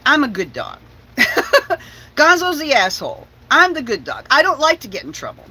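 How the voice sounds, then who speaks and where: A woman's voice: sits high, huge pitch swings, normal speed, pushed and bright, pitched above the performer's own voice, heavily acted. A woman voicing her male dog as an indignant, self-righteous good boy telling off another dog's owner. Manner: huffy, scolding, aggrieved.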